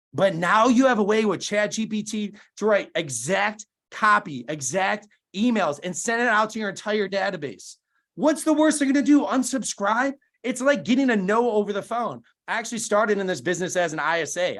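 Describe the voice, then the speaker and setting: Punchy male motivational speaker, high-pitched, video call. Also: fairly bright tone. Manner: emphatic, punchy rhetorical questions. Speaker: guest speaker.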